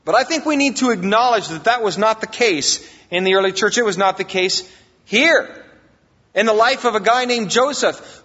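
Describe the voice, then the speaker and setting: A man pastor delivers an emphatic sermon in a bright, forceful, somewhat high voice, rising to loud declarations and dropping low. The sound rings with long hall reverb in a church sanctuary. The recording is dull and lo-fi. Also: animated, normal speed. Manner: emphatic preaching, rises and drops in volume.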